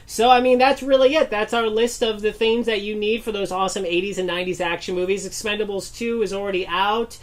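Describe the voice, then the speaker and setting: A man's voice: sits high, steady tone, brisk, hardly any pauses. A man co-hosting a casual chat, rambling and full of fillers. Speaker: co-host.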